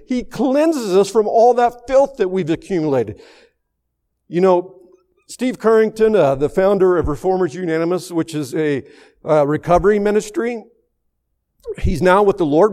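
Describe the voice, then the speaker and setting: A man preaching a sermon, telling a story, who moves from raised, emphatic passages to hushed, soft ones. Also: fairly high pitch.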